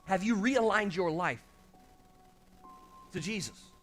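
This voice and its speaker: A male pastor delivers an impassioned sermon in a high, bright voice. He keeps calling out to the congregation for a response. Soft music plays underneath. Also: expressive, slow.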